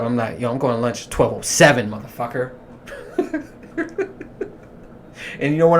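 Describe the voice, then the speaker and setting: A man's voice: on the high side, slight background noise. A man hosting a podcast alone, rambling profanely and laughing at his own jokes. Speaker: podcast host. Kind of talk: casual solo monologue.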